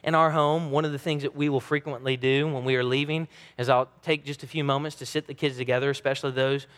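A man's voice: medium pitch, steady tone, fast talker, fairly bright tone, clean tone. A man in his thirties preaching a sermon as pastor, earnest and emphatic. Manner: earnest, emphatic preaching with dramatic quoted voices. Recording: long reverb of a large hall.

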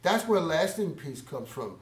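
A man preaching a sermon, swelling loud on key phrases, then dropping to a near hush, and drawing words out slowly for emphasis. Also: a little high, big pitch swings, roomy sound. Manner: slow, drawn-out emphasis on scripture words. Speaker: pastor.

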